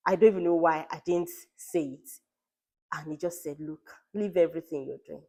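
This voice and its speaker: A woman's voice: low-pitched, steady tone, moderate pace, dark tone. A woman in her thirties telling her family's story in a conversational vlog, retelling what others said, with frequent fillers. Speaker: parent vlogger. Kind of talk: personal storytelling.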